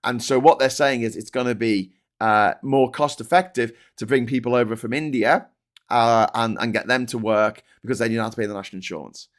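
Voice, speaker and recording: A man's voice: mid-range voice, brisk. Ranting man hosting a morning show. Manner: ranting, exasperated. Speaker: livestream news show host. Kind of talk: casual news commentary reading viewer chats.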